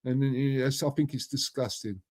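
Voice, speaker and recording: A man's voice: medium pitch, steady tone, normal speed, darkish tone. A middle-aged man hosting a casual live stream, chatting matily with viewers by name and swearing freely. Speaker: live stream host reading chat. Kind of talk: casual chat.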